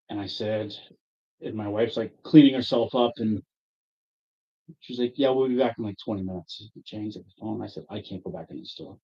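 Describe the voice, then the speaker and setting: A man with a husky, slightly breathy voice tells a long, profane story among friends, bursting out loud as he acts out his own angry lines. The recording is dull and lo-fi. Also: lowish voice, a little fast. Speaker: player telling a story. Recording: dull lo-fi audio.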